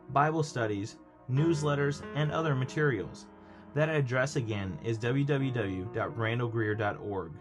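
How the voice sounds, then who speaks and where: A man reading a scripted podcast introduction in a measured way, spelling things out. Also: mid-range voice. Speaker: podcast announcer. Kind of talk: scripted announcement. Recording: guitar music under voice. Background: guitar music.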